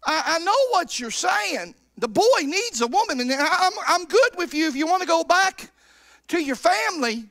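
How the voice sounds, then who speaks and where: A man's voice: very high voice, very animated, moderate pace, creaky, pushed and bright, dry recording, clean studio sound, pitched above the performer's own voice, exaggerated voice. A preacher doing a laid-back servant guy. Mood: easygoing. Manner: laid-back, slangy, stammering. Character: casual streetwise male servant talking to his boss.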